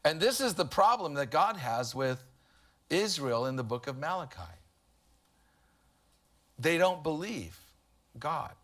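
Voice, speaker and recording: A man delivers a sermon in a relaxed, talkative way. His voice sits a little high, and he drifts into humorous everyday stories as he preaches. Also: unhurried, pauses often. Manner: conversational preaching with humorous anecdotes. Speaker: pastor.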